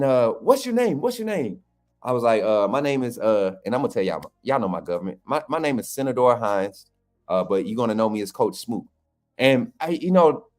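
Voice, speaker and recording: A man co-hosting a fan channel, telling a story casually with lots of restarts and y'all. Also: on the low side. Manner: rambling, many restarts and "y'all", animated.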